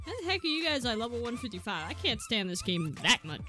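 Young woman gaming, high bright voice, bouncy and yelly, jokes a lot, game music under it. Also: brisk. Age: young adult. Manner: excitable, yelling, joking, swings from shouts to mutters. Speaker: gaming streamer. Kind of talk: gameplay commentary.

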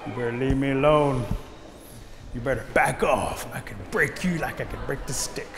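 A man's voice: mid-range voice, moderate pace, faint music behind, close to an everyday voice. A man voicing a small male turtle who whines when picked on and turns boastful once he feels strong. The recording has long reverb and faint noise. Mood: threatening.

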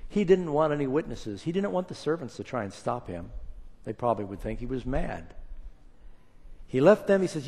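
Dramatic preacher in a reverberant hall. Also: male voice, medium pitch, very animated, moderate pace. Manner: dramatic retelling with acted quotes, swinging between loud and hushed. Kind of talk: sermon storytelling.

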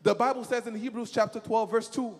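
A man's voice: extremely high pitch, steady tone, a little fast, long reverb tail. A man preaching a sermon to a church congregation, emphatic and repetitive, leading the crowd in call-and-response.

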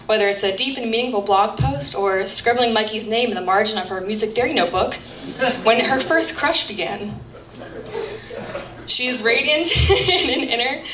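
A woman's voice: fairly high pitch, fairly bright tone. A young woman reading a heartfelt, earnest toast at a wedding reception. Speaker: maid of honor giving a toast. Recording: roomy, distant, faint background noise.

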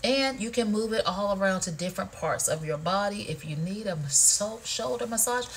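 A woman's voice: on the low side, a little hiss or hum. Chatty woman hosting a shopping livestream. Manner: chatty, playful, says "y'all" and "honey". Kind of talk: casual product demo chat.

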